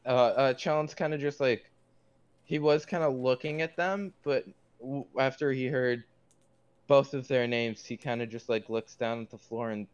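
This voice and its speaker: A man playing a tabletop game who talks casually and excitably, with plenty of swearing. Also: medium pitch, normal speed, smooth, dull audio. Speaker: player.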